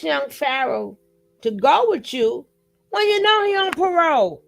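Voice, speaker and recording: A woman's voice: sits high, very animated, a little slow, vocal fry, soft background music. A woman hosting a reaction commentary, talking bluntly and mockingly with plenty of profanity. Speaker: commentary channel host.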